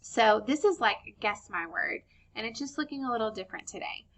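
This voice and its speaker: A woman teaching young children phonics, sounding out words slowly and clearly and praising them warmly. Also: fairly high pitch, animated. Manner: slow, clear sound-by-sound modeling, encouraging.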